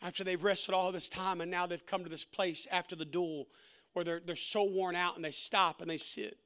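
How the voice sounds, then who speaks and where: A man's voice: high voice, fairly even intonation, fairly quick, pushed and bright, clean tone. A man preaching a sermon, impassioned, who repeats words and acts out the lines of the story.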